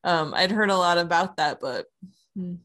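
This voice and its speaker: Speaking at a moderate pace in a lowish voice, this woman co-hosts a podcast and chats about movies she's seen. Her storytelling is excited and full of laughter, though she admits to feeling tired with a headache.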